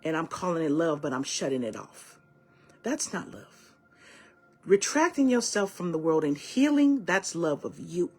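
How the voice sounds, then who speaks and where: Husky woman giving a spiritual pep talk. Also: fairly low pitch, a little mellow. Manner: emphatic and preachy, calls listeners baby and my loves. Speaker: spiritual love guide. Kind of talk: channeled oracle-card message.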